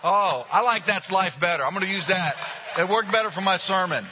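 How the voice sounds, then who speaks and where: A middle-aged male pastor preaching with lively humor and a slightly higher-than-usual voice. His sermon echoes with a long reverb through the hall, and the recording sounds a bit muffled. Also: fairly quick, background noise. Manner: humorous, animated storytelling. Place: church sanctuary.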